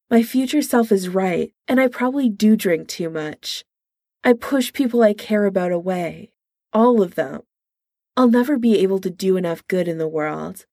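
A woman reads a story in a slow, unhurried way, and her voice is low, mellow and full of gravelly fry. The recording is dry and close. She stays soft and intimate, with only light changes of voice for the characters. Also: no echo. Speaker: reader. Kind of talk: audiobook-style story reading.

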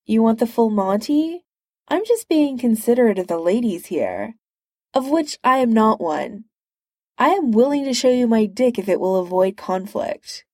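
A woman voicing a cocky, cheerful male hero in a storybook reading, teasing and relaxed. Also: on the high side, normal speed, no room sound, studio quality, pitched above the performer's own voice. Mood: breezy.

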